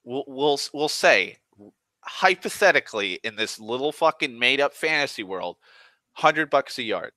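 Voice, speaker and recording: An exasperated man rants his way through a work story, swearing constantly and restarting his sentences as he goes. His voice is bright and sharp. The recording is dry and close. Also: medium pitch, animated, normal speed, no room sound. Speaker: online storyteller. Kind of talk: profane rambling rant.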